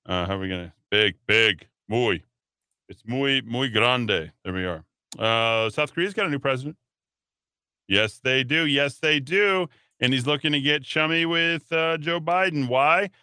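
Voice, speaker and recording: A man's voice: mid-range voice, moderate pace, pushed and bright, clear, resonant tone, no echo. A man hosting a talk radio show, riffing on the news with sarcastic, mocking asides into a studio mic.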